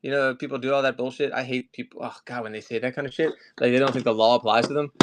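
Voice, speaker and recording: With background noise behind him, a man hosting a live collectibles sale talks quickly in a level, mid-range voice. He keeps things casual, rambling off topic between items.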